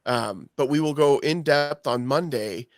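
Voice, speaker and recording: Male podcast co-host, mid-pitched, easygoing and self-deprecating, dry close recording. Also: measured pace, no room sound. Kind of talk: casual chat.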